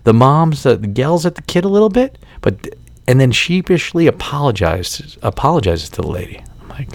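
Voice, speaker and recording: A man in his forties hosts a podcast and rants in a casual, heavily profane, exasperated way. His voice is gravelly with a lot of vocal fry. He sits close to the mic in a dry room with no echo. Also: mid-range voice, big pitch swings, normal speed. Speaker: podcast host.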